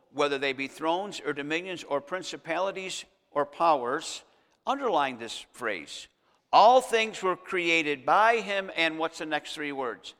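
A man preaching a sermon as pastor, emphatic, slowing down to stress scripture verses. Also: a little high, pushed and bright. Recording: long hall reverb.

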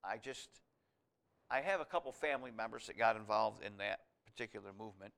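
A man preaching a sermon, reading scripture aloud and explaining it verse by verse, rising to loud emphatic passages. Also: lowish voice, brisk, vocal fry. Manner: expository Bible teaching, reads scripture aloud, swells loud on key lines.

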